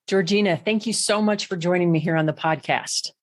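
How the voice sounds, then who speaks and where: Female podcast host, enthusiastic interviewer, lowish voice. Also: fairly quick. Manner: enthusiastic, encouraging. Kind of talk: interview hosting.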